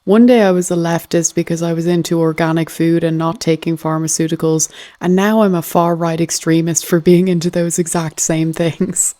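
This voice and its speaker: A woman's voice: sits low, mellow. Sardonic laughing woman host. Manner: amused, sardonic, laughs often. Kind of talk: casual comedic commentary.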